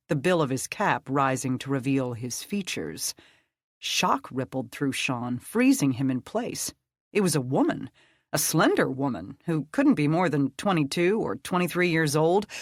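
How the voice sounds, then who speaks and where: Audiobook narrator, dark fantasy reading, measured, middle pitch, dry close mic. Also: no room sound.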